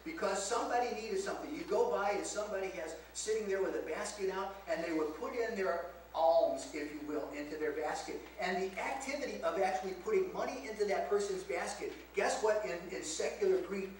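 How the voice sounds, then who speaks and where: A man's voice: sits high, fairly quick, few pauses. A man preaching a teaching sermon to a congregation, asking them rhetorical questions as he explains scripture. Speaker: pastor teaching a Bible lesson. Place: church sanctuary. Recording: very echoey church, mic far off, faint hiss.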